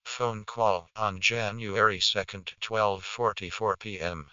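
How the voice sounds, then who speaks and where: A male announcer reads out timestamps slowly and flatly, like an automated voicemail system. His voice sits fairly low. The audio is dull and lo-fi, with clear noise behind it. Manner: slow and flat.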